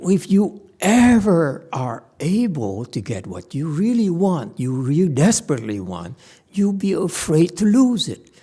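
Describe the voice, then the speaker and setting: His voice is a little high, warm, and a bit breathy, and its pitch swoops wildly as this Buddhist master teaches a sutra to a live group in a temple hall. The Dharma lecture is loose and chatty, full of halting restarts, check-ins like "okay?" and "hmm?", and dry, playful asides.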